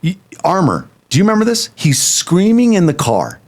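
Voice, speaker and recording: A man's voice: high-pitched, wildly swooping pitch, normal speed, a little mellow. A man co-hosting a podcast with his wife, talking in a casual, emphatic, easygoing way. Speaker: co-host, husband. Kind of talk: casual couple's podcast chat.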